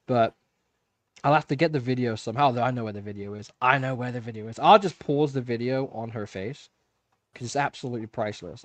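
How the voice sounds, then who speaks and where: A man in his thirties tells a story on his own livestream, chatty and animated, with frequent laughs and filler words. His voice sits at an ordinary middle pitch. The recording is close and dry. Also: no echo. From England. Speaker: livestream host. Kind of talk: casual livestream chat. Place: home fish room.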